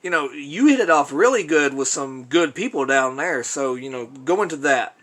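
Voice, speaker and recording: Male interview host; slightly high voice; relaxed, chatty prompting. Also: moderate pace. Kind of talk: casual interview chat.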